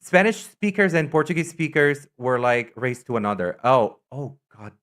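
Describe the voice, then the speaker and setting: A man's voice: medium pitch, big pitch swings, moderate pace, a bit bright. A man streaming a card game, chatting casually with viewers in English, which isn't his first language, often breaking off and restarting his sentences. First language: not English.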